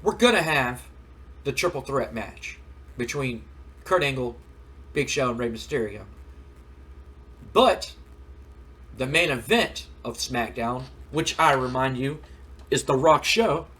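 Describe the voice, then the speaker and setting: A man's voice: mid-range voice, animated, takes it slowly, pauses often, bright, forceful tone, slightly rough, exaggerated voice. A man doing an impression of a young male wrestling executive laying out a match in a firm, businesslike way.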